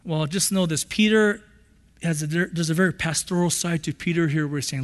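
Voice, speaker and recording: A male pastor preaches a passionate sermon fairly quickly, circling back and repeating phrases as he builds. His voice sits high for a man, and a long reverb from the church hall surrounds it.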